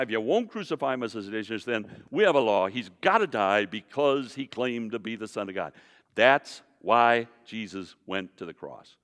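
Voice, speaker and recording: A man's voice: mid-range voice, big-room sound. A man teaching a Bible class, lecturing emphatically and putting questions straight to the class.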